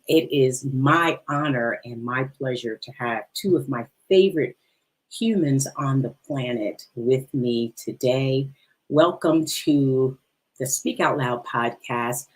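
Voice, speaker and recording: A middle-aged woman hosting a podcast interview, playful and laughing often. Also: very deep voice. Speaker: podcast host. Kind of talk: casual interview.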